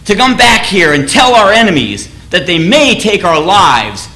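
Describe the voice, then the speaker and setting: A man's voice: a little high, lively intonation, pushed and bright. A man putting on a fierce rallying war chief. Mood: rousing. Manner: raised, slow, declamatory. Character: defiant warrior leader rallying his men, male, fierce.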